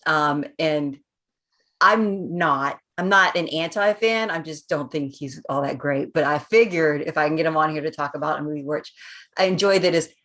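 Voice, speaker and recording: A woman in her forties hosts a casual podcast chat in a slightly low voice. She rambles along in a relaxed way and breaks into frequent laughs. She pitches her voice a bit above its natural level. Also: moderate pace. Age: 40s. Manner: chatty, laughs often between thoughts; speaks a bit higher than her natural voice. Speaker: podcast host.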